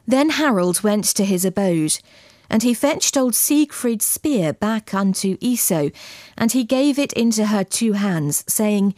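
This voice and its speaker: A woman reading a gothic tale as scripted narration, in a measured, dramatic, old-fashioned storytelling manner. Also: medium pitch, expressive, darkish tone, dry recording, clean studio sound. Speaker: audiobook narrator.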